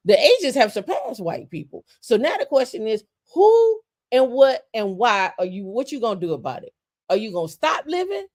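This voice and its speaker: A woman's voice: a little high, darkish tone. A woman co-hosting a podcast who rants with passion, repeating phrases for emphasis and stumbling into restarts when heated. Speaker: podcast co-host. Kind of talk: casual opinion talk.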